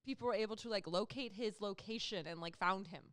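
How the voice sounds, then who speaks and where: Smooth-voiced, wry woman podcast host. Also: medium pitch, brisk, a bit bright, dry recording, studio quality. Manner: chatty, wry, laughs often. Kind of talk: casual chat.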